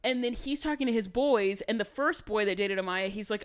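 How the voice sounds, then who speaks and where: Animated, foul-mouthed woman podcast host. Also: medium pitch. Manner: animated, swears freely, quick asides. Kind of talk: casual recap chat.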